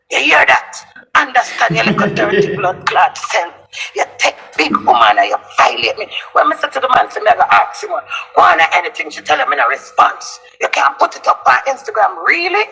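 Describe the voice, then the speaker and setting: A Jamaican woman tears into someone in a long, accusing rant. Her voice is husky with a gravelly crackle, yet it cuts bright and tense, and her pitch leaps from low mutters to sudden high outbursts. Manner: heated, accusing, lurching pitch. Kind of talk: angry ranting monologue.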